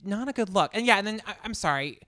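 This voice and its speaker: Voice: mid-range voice, animated, fast, bright, forceful tone, no echo, studio quality. A podcast co-host in casual chat about a reality show, blunt and emphatic, swearing for effect.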